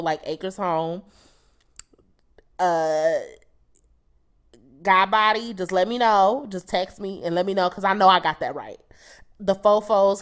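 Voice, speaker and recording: Chatty young woman hosting a solo podcast. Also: mid-range voice. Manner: chatty, candid and blunt, with casual swearing. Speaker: podcast host. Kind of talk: casual solo album review.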